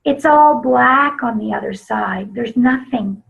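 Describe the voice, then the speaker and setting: Woman doing a fearful dying father, slow delivery, muffled webinar audio. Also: a little high, gravelly, fairly bright tone, heavily acted. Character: frightened dying old father in hospital.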